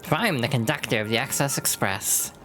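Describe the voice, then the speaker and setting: A woman's voice: rumbling low, brisk, fairly bright tone, faint music behind. A woman doing a proud, formal train conductor. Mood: earnest. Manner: formal, earnest announcements.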